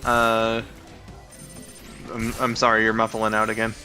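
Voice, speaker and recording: A man's voice: on the low side, completely flat delivery, a little slow, sharp tone, faint music behind. A man hosting a live game stream, chatting casually with lots of fillers and restarts. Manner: hesitant, many fillers and restarts. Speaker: streamer host. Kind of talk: casual chat while gaming.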